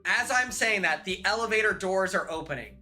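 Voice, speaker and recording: A young man streaming live, telling a rambling, animated story full of "like" into a desk mic. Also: high-pitched, brisk, faint music behind. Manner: rambling, animated, heavy use of "like". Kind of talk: casual storytelling on a livestream.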